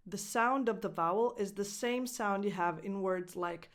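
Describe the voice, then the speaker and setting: A woman whose first language is Italian, teaching English pronunciation as a coach and clearly modeling each word. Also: medium pitch, moderate pace, few pauses. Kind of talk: pronunciation lesson.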